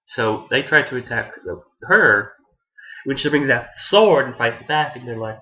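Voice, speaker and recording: A man talks through an anime plot in a loose, rambling review. His voice sits at an ordinary mid pitch, and he restarts his sentences and swears casually. The recording is dull and lo-fi. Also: animated, measured pace, pushed and bright.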